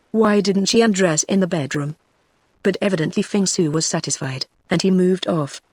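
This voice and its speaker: A text-to-speech voice of a woman with a British English accent, reading an audiobook in an even, steady way. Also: lowish voice, no room sound. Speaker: audiobook narrator.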